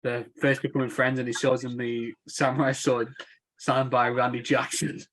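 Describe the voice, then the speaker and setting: A man's voice: medium pitch, little pitch movement, moderate pace, fairly bright tone. Brief: young male podcast co-host, casual and enthusiastic, mid-range voice. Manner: enthusiastic, laughing, swearing, quotes film lines. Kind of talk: casual film chat.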